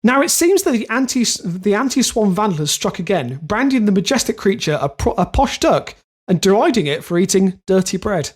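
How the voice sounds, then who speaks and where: Lively man reading odd news. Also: high voice, fairly quick, few pauses, slightly rough. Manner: reads news then rambles off in jokes. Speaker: podcast co-host, reads the stories. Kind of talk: casual comedic chat.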